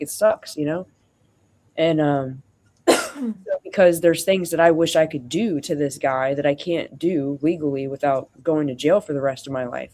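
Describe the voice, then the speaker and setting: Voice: medium pitch, a little mellow. A streamer venting in a rambling, casual story, acting out both sides of a conversation between frequent fillers. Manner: rambling, acts out quoted dialogue, frequent fillers.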